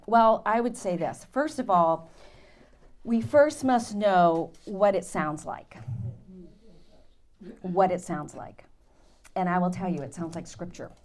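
A woman Bible teacher giving an animated, dramatic testimony to her class, with laughs. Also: lowish voice. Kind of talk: sermon storytelling.

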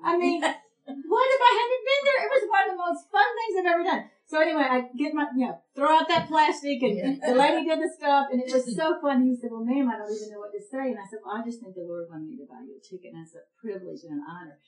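A middle-aged woman preaching to women, telling a story with lively acted-out dialogue. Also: high voice, quick pace, roomy sound, poor audio. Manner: animated storytelling with quoted dialogue. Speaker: women's ministry speaker.

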